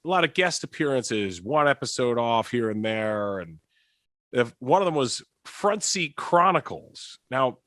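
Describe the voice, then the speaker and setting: A man's voice: medium pitch, very animated, a little slow, a bit bright, no echo. Podcast host guy, jokey and playful, dry close sound. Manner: jokey, playful, puts on voices. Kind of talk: casual interview chat.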